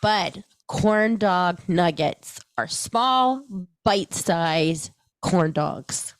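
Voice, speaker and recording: A woman's voice: on the low side, expressive, very slow, no room sound. A woman co-hosting a casual podcast, chatty, laughing easily and trailing off mid-thought. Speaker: podcast co-host.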